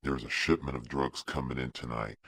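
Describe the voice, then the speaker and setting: A man voicing a gruff, menacing male vigilante who growls threats during an interrogation. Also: extremely low pitch, fairly even intonation, a little fast, a bit bright, dry recording, pitched below the performer's own voice, full character voice.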